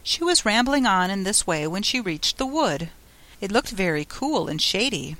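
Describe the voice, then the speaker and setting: A woman narrating a classic children's storybook in an expressive reading. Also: mid-range voice, moderate pace. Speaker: audiobook narrator.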